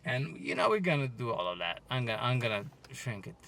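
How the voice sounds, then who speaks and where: Sharp-voiced ranting man. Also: mid-range voice, a little fast, vocal fry, a little hiss or hum. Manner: swearing, joking and heckling the listeners; animated, with loud outbursts. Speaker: podcast host. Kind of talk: casual solo podcast rant.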